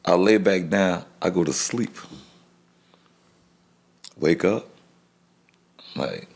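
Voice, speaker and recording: A middle-aged man tells a personal story as a podcast guest in a deep voice with a rough, crackly edge. His speech comes in halting bits that often restart, and he voices the people in his story. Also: a little mellow.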